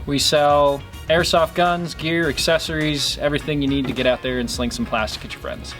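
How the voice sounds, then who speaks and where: A man's voice: fairly high pitch, steady tone, moderate pace, music in the background. A man who runs an online airsoft store, talking eagerly about gear like a salesman. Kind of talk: enthusiastic product talk.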